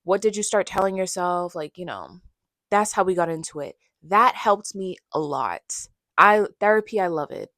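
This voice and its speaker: A woman's voice: fairly low pitch, normal speed, fairly bright tone, dry recording, clean studio sound. A young woman talking candidly to her camera about her own life, casual and reflective, sometimes acting out what she used to say. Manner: candid and conversational, acts out her own past voice. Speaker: vlogger. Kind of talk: personal storytelling monologue.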